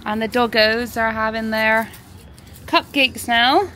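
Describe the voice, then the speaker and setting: A woman's voice: a little high, steady tone, slow pace, pushed and bright, slight background noise. A young woman chatting to camera in a casual vlog, bubbly, breaking into a sing-song voice for her dogs. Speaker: vlogger.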